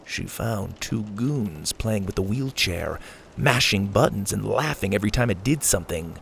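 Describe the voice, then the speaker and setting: A man narrating a children's storybook in an animated, expressive reading. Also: lowish voice, normal speed, gravelly, a little hiss or hum.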